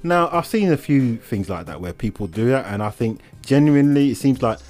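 Co-host: wry man, mid-pitched, expressive banter. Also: brisk, soft background music. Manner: wry, musing, chuckling. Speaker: podcast co-host. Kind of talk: casual comedic chat.

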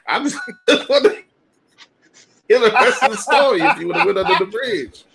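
A man's voice: extremely high pitch, wildly swooping pitch, normal speed, gravelly, heavy background noise. Laid-back teasing man. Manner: laid-back, teasing, laughs through his lines. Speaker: podcast co-host. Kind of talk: casual chat.

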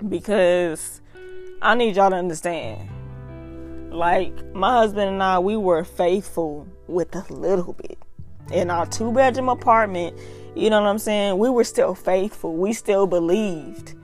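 A woman's voice: mid-range voice, a little slow, faint music behind. A young adult woman, earnestly reading and talking through scripture in a casual devotional vlog. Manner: earnest, emphatic, repeats "y'all". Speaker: faith vlogger reading devotional.

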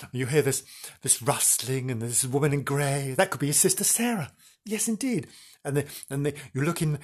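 A man's voice: mid-range voice, slightly rough. A man hosting a comic radio-style show in a camp, rambling, mock-dramatic way. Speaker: host.

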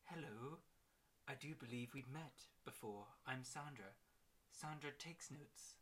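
A man's voice: medium pitch, unhurried, fairly bright tone, husky. A man voicing a seductive, sinister woman secretary with a put-on Scottish lilt. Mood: sultry.

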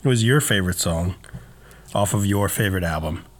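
A man co-hosting a podcast, chatting casually with wry jokes and quick comebacks. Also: low voice. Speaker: podcast co-host. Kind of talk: casual chat.

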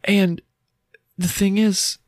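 A man's voice: high voice, little pitch movement, takes it slowly, a little mellow, dry recording, studio quality. A man hosting a solo podcast, talking casually in a rambling, chatty, self-deprecating way. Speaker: podcast host.

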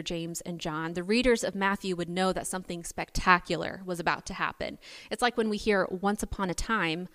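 A woman preacher giving a sermon, telling the story in an animated, playful way. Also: mid-range voice. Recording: long hall reverb.

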